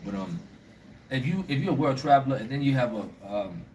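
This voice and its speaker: A man's voice: medium pitch, animated, a little fast, a little mellow, recorded from a distance, slight background noise. A man in his thirties talking casually in an interview, hesitant with many fillers and uneven pace. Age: 30s. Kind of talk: casual conversation.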